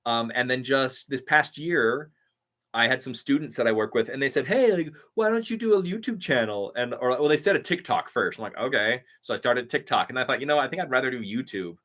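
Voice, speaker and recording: Speaking briskly in a mid-range voice that sounds pushed and bright, this young YouTube impressionist chats casually on a live stream. He stays upbeat, reading out comments from the chat and thanking his viewers.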